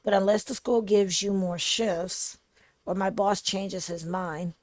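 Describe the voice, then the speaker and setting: A woman reading aloud as a worried, practical young immigrant husband, in a soft, subdued voice, a little lower and slower than her own. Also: steady tone, dry recording, lightly acted. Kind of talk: reading game dialogue aloud.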